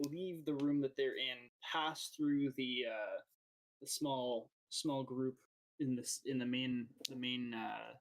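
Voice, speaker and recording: A man narrates a tabletop game as dungeon master in a halting way, often restarting his phrases. His voice sits at an ordinary middle pitch.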